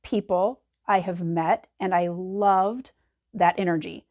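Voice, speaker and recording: A woman's voice: fairly low pitch, steady tone, slow pace, a little mellow. Easygoing woman podcast co-host. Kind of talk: casual conversational podcast.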